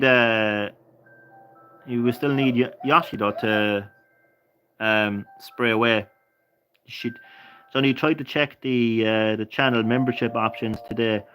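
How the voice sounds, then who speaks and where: A man's voice: medium pitch, a little slow, pauses often, fairly bright tone, poor audio. A worn-out man streams a game from his home setup and talks straight to his chat. He laughs often and swears casually while he plays. A faint hiss sits under his voice. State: tired. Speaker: gaming live streamer. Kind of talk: casual live-stream commentary.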